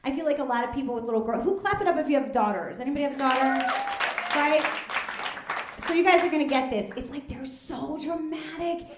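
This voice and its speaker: Deadpan woman doing stand-up in an echoey room. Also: high voice, brisk. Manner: deadpan, conversational, drops into asides. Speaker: stand-up comedian. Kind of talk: stand-up comedy set. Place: stage at a live comedy fundraiser. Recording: echoey room with loud audience noise.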